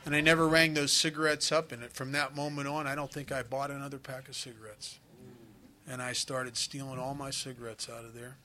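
A man's voice: mid-range voice, flat delivery, brisk, pushed and bright, slight background noise. A middle-aged man telling a candid, confessional recovery story at a meeting. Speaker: recovering alcoholic sharing his story.

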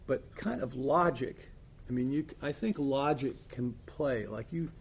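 Gravelly man chatting candidly. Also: mid-range voice, a little slow, a little hiss or hum. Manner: rambling, filler-heavy, blunt. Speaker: AA sponsor. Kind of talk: casual chat.

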